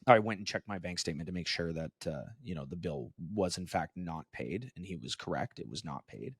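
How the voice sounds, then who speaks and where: Male podcast co-host, very low voice, dry close sound, casual storytelling. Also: brisk, husky, dry recording. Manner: storytelling, animated when quoting others.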